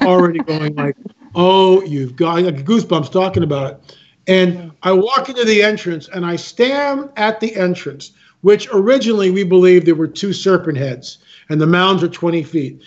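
A man speaking as a guest, telling stories with emphasis, repeating himself and acting out other people's lines. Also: high-pitched. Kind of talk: animated storytelling talk. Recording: muffled lo-fi sound.

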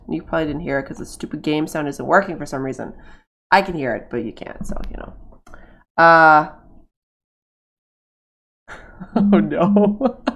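A woman from Massachusetts chats casually as she streams a game, her voice rising high and excited over her game cats.

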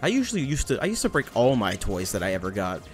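A young man rambles through casual commentary while playing a game, drifting from joke to joke and swearing offhandedly. His voice sits at an ordinary, middle pitch, with game music playing faintly underneath. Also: wildly swooping pitch, fast. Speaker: let's play commentator.

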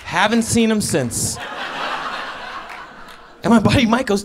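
A man doing stand-up comedy, telling a story on stage and acting out both sides of a shouted argument. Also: high-pitched, a little fast, vocal fry, long pauses, background noise. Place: live comedy stage with audience laughter.

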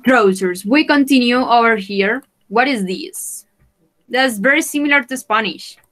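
A woman's voice: a little high, unhurried, fairly bright tone, rough recording. A woman teaching English vocabulary in an online class, repeating each word patiently for her students and switching into Spanish to explain.

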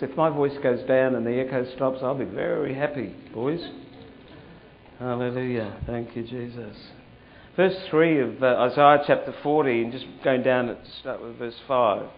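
A man's voice: mid-range voice, highs cut off. A man preaching a sermon as pastor in a church hall, fervent and full of prayerful interjections like hallelujah.

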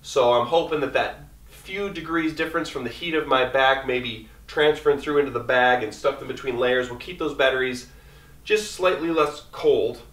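A man talking quickly and casually through his camping gear, rambling as he goes. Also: mid-range voice, a bit bright, distant mic. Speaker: outdoor vlogger. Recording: echoey room, mic set back.

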